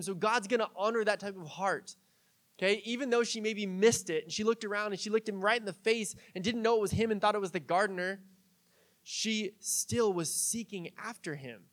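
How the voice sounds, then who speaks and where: A man's voice: high-pitched, brisk, fairly bright tone. A young man preaching a sermon in a casual, conversational way, telling stories with fillers and light jokes. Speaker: pastor.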